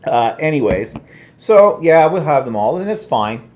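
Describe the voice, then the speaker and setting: A man's voice: fairly high pitch, sing-song, normal speed, darkish tone, a little hiss or hum. Chatty Canadian man, casual rambling. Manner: chatty, rambling and self-mocking. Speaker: host. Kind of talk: casual chat.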